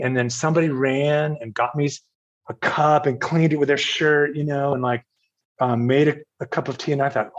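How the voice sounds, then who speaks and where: An older man from Virginia, a podcast guest telling a personal story in a halting, self-correcting way with frequent laughs. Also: on the high side, highs cut off. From Virginia, USA. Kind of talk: casual storytelling interview.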